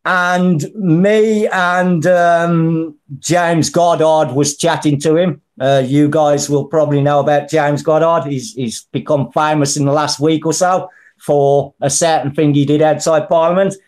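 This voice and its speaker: A man's voice: a little high, steady tone, a little slow, darkish tone. A middle-aged man from the English Midlands with a Birmingham accent, a guest talking bluntly and colloquially in a casual interview. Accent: Birmingham (Brummie). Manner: blunt and colloquial, calls people mate and brother.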